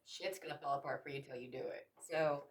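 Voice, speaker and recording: A woman's voice: deep voice, steady tone, brisk. A woman giving a tarot reading, emotional and repetitive, swearing casually as she talks. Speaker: tarot reader.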